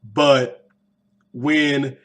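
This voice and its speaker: A young man hosting a podcast, giving a casual, animated movie reaction with slangy asides. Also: medium pitch, extremely slow. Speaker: podcast host.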